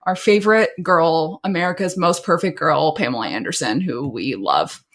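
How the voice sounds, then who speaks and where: A woman's voice: low voice, animated, moderate pace, fairly bright tone. A woman co-hosting a podcast, chatting casually in a blunt, gushing way and swearing freely. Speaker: podcast co-host. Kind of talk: casual chat.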